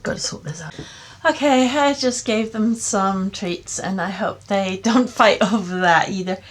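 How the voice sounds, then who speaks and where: A woman hosting a casual crafting podcast from home, with a croaky voice from a sore throat, chatty and self-deprecating, laughing often. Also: medium pitch, measured pace, a little hiss or hum. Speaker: podcast host. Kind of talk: casual knitting podcast chat. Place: home, table with projects, cats around.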